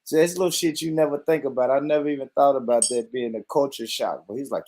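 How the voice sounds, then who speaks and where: A man hosting a show, reacting in casual commentary with loud, profane talk and frequent laughter. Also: mid-range voice, fast talker, few pauses, slight background noise. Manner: loud, profane, laughs a lot, addresses viewers.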